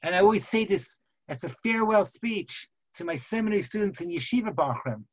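A man, a rabbi, giving a Torah lecture in which he tells the story lively and acts out the characters. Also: high voice, a little fast. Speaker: rabbi teaching seminary students. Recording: slightly muffled recording.

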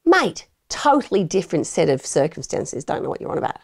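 A woman's voice: on the low side, sing-song, a little fast, gravelly, heavily acted. A woman voicing a brash, evasive male suspect in a put-on Australian accent, flippant and dismissive. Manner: flippant, brushing off accusations.

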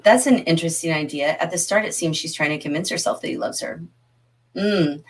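Lively woman teaching a literature class. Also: fairly low pitch. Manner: animated, chatty, reads chat comments aloud.

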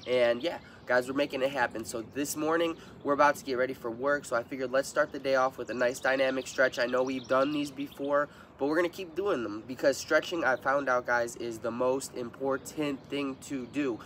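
Hoarse man coaching a morning stretch. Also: medium pitch, fairly even intonation, brisk, few pauses, fairly bright tone, a little hiss or hum. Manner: upbeat coaching, repeats cues. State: hoarse from a cold. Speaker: fitness vlogger leading a stretch routine. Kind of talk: casual workout instruction. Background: music.

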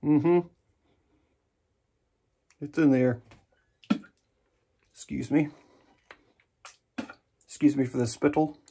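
Man, shaving vlogger, chatty and joking, husky, gravelly. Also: on the high side, drawn-out words, pauses often. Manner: relaxed, chatty and jokey while shaving. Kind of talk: casual shaving vlog narration.

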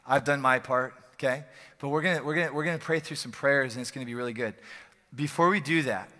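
A male pastor preaching an energetic, joking, conversational sermon in a church service, often repeating phrases for emphasis. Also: medium pitch, fast talker. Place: church sanctuary during a service. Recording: long hall reverb from a church.

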